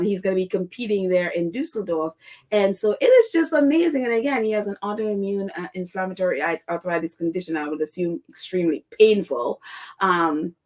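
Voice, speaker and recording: A woman hosting a casual commentary podcast, chatty and sarcastic, laughing often and leaning on fillers as she reacts to the news. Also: medium pitch. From United States. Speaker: podcast host.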